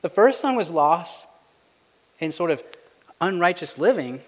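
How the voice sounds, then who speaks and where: A man in his thirties preaching a sermon as pastor, conversational and earnest, rising in pitch for emphasis. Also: sing-song, unhurried, big-room sound, rough recording. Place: church sanctuary.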